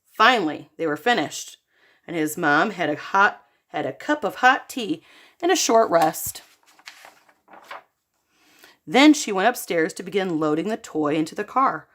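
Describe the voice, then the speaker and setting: Animated woman reading a children's book. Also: lowish voice. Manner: animated storyteller who addresses children directly. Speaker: art teacher. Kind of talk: children's read-aloud.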